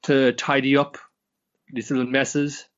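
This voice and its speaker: A man's voice: mid-range voice, little pitch movement, unhurried, lo-fi sound, voice pushed up, lightly acted. A man voicing a sneering male royal inspector who taunts his victim in a mocking, sing-song way. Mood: taunting.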